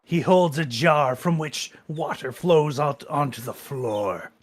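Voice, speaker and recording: A man chats casually while streaming a game with friends and reads its text aloud. His voice is high and very lively in pitch, and he laughs easily. His manner stays playful. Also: slow.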